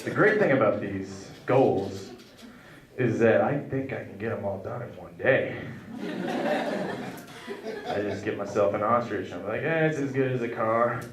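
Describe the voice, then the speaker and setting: Deadpan man doing stand-up in an echoey club. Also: on the low side, unhurried, pauses often. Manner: deadpan absurd storytelling, acts out quoted voices. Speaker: stand-up comedian. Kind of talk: stand-up comedy set. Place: comedy club stage. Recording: echoey club recording from far off with crowd. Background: audience laughter.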